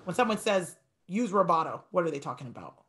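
A woman piano teacher giving an online masterclass, talking fast and encouraging her student. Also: lowish voice, very animated, heavy background noise.

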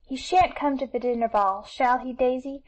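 A showy little girl dressed up as the fine daughter, fussy and quick to take offence, as a woman reads her. The voice is a bit high. It stays near the reader's own voice. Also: natural voice, low-quality recording. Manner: indignant, fussy.

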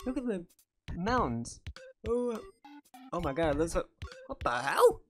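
Woman host, casual let's-play commentary, lowish voice with a lively swing, excitable. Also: measured pace, soft background music. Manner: excitable, swears, blurts out reactions. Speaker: gaming channel host.

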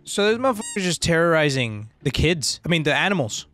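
A man's voice: on the high side, big pitch swings, brisk, pushed and bright, soft background music. Joking, profane young man. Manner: joking, profane, mixing in Spanish slang. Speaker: gaming streamer. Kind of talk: casual let's-play commentary.

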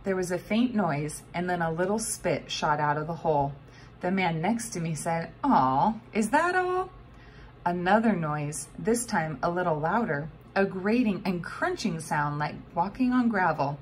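A woman narrates a novel in an expressive storytelling manner. Her voice sits on the low side. A faint background hum is present. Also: normal speed. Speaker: audiobook narrator. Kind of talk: scripted narration.

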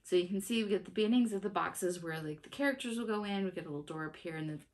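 A woman's voice: lowish voice, rapid-fire, darkish tone. A woman in her thirties chatting casually as a cross-stitch vlogger, laughing often and restarting her sentences. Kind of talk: casual chat.

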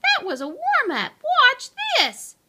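A woman's voice: very high voice, slow, pitched above the performer's own voice, full character voice. A woman voicing a plucky, eager little female hamster who is always keen to show off. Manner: excited, eager.

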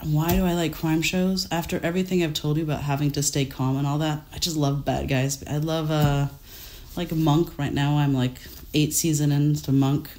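A woman's voice: sits low, level tone, normal speed, darkish tone. Woman in her 30s, french-born guest, casual chatty interview, rambling with frequent laughs. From France. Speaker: guest artist. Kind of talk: casual chat.

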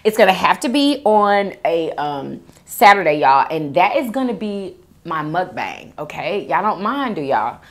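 Fairly low and sing-song, this young woman's voice moves a little slowly. As a mukbang host she reads viewer comments in casual chat, addressing people as "girl" and "y'all."

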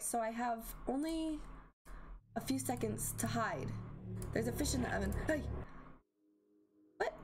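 Playing a video game with game music in the background, this female commentator keeps up a chatty let's play, thinking out loud and responding with gasps and laughter. She has a high voice.

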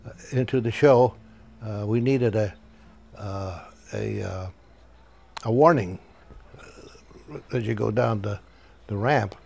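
An older man recalling his ride-writing work in an interview, halting and chuckling as he talks. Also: on the low side, creaky, darkish tone. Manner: halting, many restarts and chuckles. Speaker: interviewee, former ride writer. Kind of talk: interview recollection.

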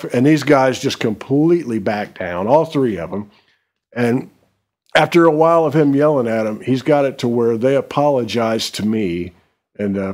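A middle-aged man spinning a story from his own life. He talks in a relaxed, easygoing way, with plenty of "you know" and "uh", his pitch sitting mid-range for a man. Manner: relaxed, unhurried, with frequent fillers. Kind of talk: casual spoken storytelling.

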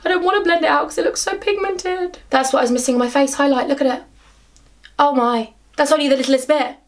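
A woman's voice: sits high, quick pace. Bubbly young woman vlogger. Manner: bubbly, gushing, talks to herself. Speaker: beauty vlogger. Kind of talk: excitable makeup vlog. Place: home bedroom.

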